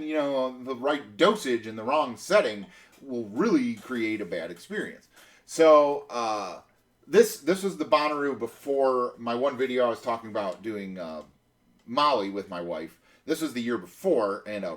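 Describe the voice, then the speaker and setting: A man's voice: medium pitch, expressive, measured pace. A man in his thirties telling a long personal story in a casual, rambling way, full of fillers and restarts. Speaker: podcast host.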